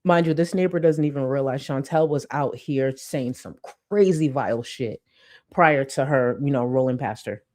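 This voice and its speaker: A woman's voice: extremely low pitch, moderate pace, darkish tone. A woman host giving blunt, profane, sarcastic reaction commentary on a streamer's clips.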